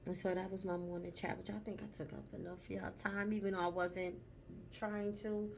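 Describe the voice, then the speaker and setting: With a creaky, mid-range voice that barely moves in pitch, this vlogger chats casually with her audience over a little hiss or hum. She speaks slowly and profanely, leaning hard on words and lingering on them, and gets choked up as she tells her story.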